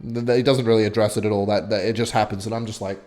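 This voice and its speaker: A young man telling a rambling, swear-filled story while commentating his own gameplay, with sudden excited outbursts. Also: fairly low pitch, rapid-fire. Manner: animated, swearing, bursts of excitement while playing. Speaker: gaming vlogger.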